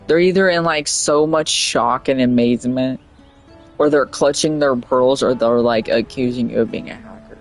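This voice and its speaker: A man's voice: medium pitch, steady tone, moderate pace. A young man streaming a video game, chatting in a rambling, jokey way and laughing often. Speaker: livestreamer. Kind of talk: casual gameplay commentary. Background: faint game music.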